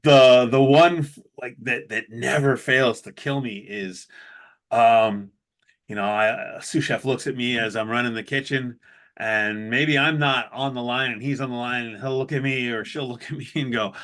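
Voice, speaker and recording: A man's voice: medium pitch, moderate pace. A man hosting a podcast, a chef telling kitchen stories in a casual chat, acting out quotes and laughing often. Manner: animated anecdotes with acted-out quotes and laughs.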